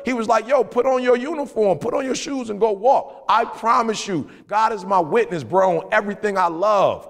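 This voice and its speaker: Man, high voice, gravelly, motivational podcast talk, animated storyteller, reverberant room. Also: moderate pace, hardly any pauses. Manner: animated storytelling, repeats phrases, rising emphatic pitch. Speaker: podcast co-host.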